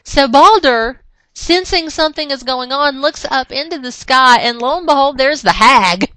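Woman podcast co-host; animated casual recap, higher voice, dry close sound. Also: moderate pace, no room sound, rough recording. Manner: animated retelling, slips into character voices. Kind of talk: casual comic book recap.

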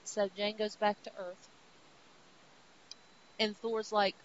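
A woman's voice: medium pitch, flat delivery, slow pace, pauses often. A woman hosting a podcast who recaps comic books in a chatty storytelling way and acts out the characters as she goes. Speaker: podcast host. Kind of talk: casual comic book recap. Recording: dull sound with faint hiss.

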